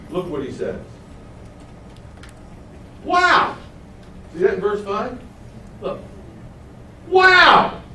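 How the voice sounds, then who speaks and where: Man, Bible study teacher, slightly high voice, quizzes the class, echoey room, mic set back. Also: darkish tone, slight background noise. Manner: asks the class questions and answers them himself. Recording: roomy, mic at a distance.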